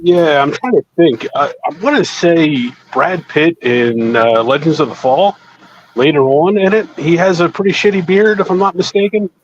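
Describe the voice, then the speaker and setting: A man's voice: on the high side, moderate pace, lo-fi sound. A man co-hosting a podcast, thinking aloud hesitantly in casual chat. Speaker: podcast co-host.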